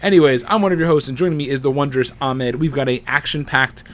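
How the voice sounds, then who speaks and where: A man's voice: mid-range voice, fairly even intonation, quick pace. A man hosting a casual gaming podcast, rambling and joking at his own slip-ups. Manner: rambling, self-mocking, loose. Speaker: podcast host.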